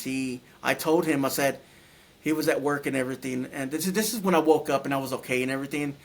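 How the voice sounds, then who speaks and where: As an interview guest, a man with a mid-range voice recounts a near-death experience. He speaks haltingly, with many restarts and repeated words, and grows tearful when moved. There is slight background noise.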